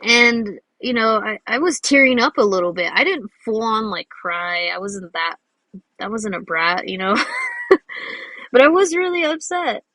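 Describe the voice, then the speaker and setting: A woman's voice: medium pitch, lively intonation, moderate pace, pushed and bright, dry recording, low-quality recording. A young woman telling a rambling personal story in a chatty way, with lots of fillers and restarts, while drawing. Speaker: drawing video host.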